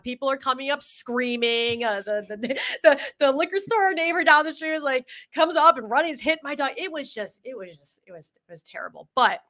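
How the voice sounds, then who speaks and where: Bright-voiced woman telling a rambling story. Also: a little high. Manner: rambling storyteller, animated retelling. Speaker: podcast co-host. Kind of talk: casual chat.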